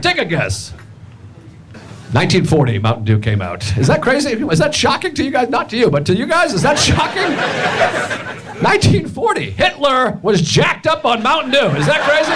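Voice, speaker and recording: A man performing a stand-up comedy set with deadpan, animated storytelling. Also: high-pitched. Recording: loud background noise. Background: audience laughter.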